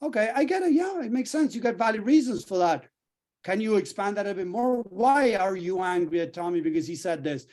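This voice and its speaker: A middle-aged man coaching a group in a lively way, acting out little dialogues as he explains. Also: high-pitched, fairly quick. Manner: animated, acts out little dialogues. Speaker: healing coach.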